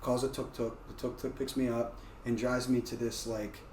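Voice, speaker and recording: A man telling a story as a guest in a casual conversation, loose and animated, with frequent "like" fillers. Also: mid-range voice, normal speed. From United States. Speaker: guest, martial arts practitioner. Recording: roomy, distant mic, faint background noise.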